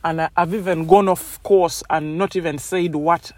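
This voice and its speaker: A woman's voice: lowish voice, steady tone, moderate pace, dry recording. Chatty woman, dry sound. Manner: chatty, rambling, many "you know"s. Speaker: podcast host. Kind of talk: casual motivational monologue.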